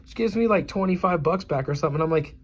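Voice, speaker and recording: A man's voice: on the high side, quick pace, dull audio. A man in his forties from the United States, ranting in a profane, scornful and combative vlog monologue. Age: 40s. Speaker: YouTuber.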